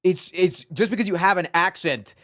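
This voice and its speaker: A man's voice: sits high, normal speed, sharp tone. A man from Virginia, a streamer on a call, talking casually and rambling, repeating words while he searches for them. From Virginia, United States.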